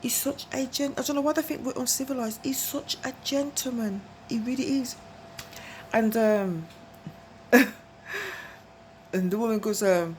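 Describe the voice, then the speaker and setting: A woman's voice: a little high, moderate pace, pauses often, a little mellow, slight background noise. Chatty woman telling a story. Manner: chatty, rambling, often asks "you know what I mean", laughs between phrases. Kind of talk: casual storytelling monologue.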